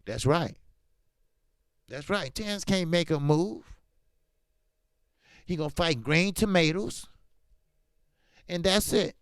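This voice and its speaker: A man's voice: on the high side, takes it slowly, pauses often, dry recording, clean studio sound. A man hosting a casual boxing talk stream, talking in an emphatic, slangy way. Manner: animated, emphatic, drifts into slang. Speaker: boxing talk show host. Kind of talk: casual boxing commentary livestream.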